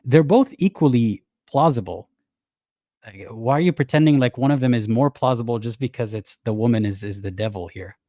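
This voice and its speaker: Sarcastic guy doing reaction commentary, mellow voice, mocking, dry close sound. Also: medium pitch, a little fast, dry recording. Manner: sarcastic and mocking, quotes others in exaggerated voices. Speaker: commentary host.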